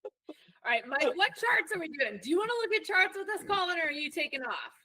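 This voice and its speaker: A woman's voice: very high-pitched, very animated, brisk, sharp tone, dry recording, rough recording. A woman co-hosting a podcast in casual, playful chat, often laughing. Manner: playful, giggly. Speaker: podcast co-host.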